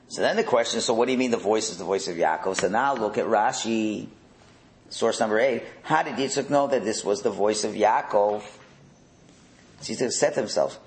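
A middle-aged man leading a religious text class, animated, firing rhetorical questions and repeating words. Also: medium pitch, echoey room, poor audio. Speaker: religious teacher.

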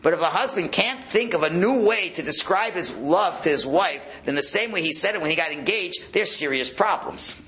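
Lively, bright-voiced rabbi giving a sermon. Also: male voice, sits high, normal speed, few pauses. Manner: storytelling with rising excitement and acted quotes. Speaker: rabbi giving a Torah class. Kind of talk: sermon-style Torah talk.

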